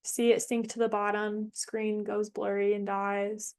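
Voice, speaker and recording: Her voice is medium-pitched, a little mellow, and clean in tone, with a flat delivery. The young woman hosts an online somatics workshop on video, candid and casual, swearing freely and pausing to think aloud.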